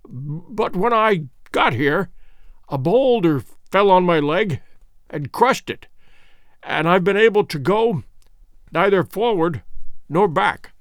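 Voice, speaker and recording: A man voicing a weak stranded gentleman who speaks in a hesitating, halting way, in an audiobook reading. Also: high voice, wildly swooping pitch, no echo, full character voice. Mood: faint, dazed.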